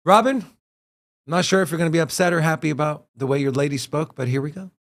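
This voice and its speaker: A man's voice: on the high side, fast. A man co-hosting a crypto livestream in casual chat, joking with his co-hosts and ranting heatedly about the news.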